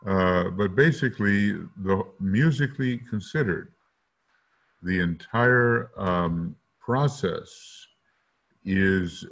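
A teacher delivers a slow, deliberate lecture in a lowish, rough morning voice. Every so often he sings note syllables to illustrate his point.

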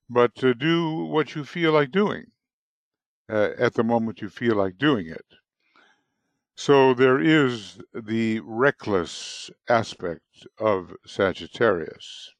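A man giving an unscripted astrology lecture with a hoarse morning voice, explaining in a halting, deliberate way. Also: mid-range voice, dry recording. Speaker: astrology teacher.

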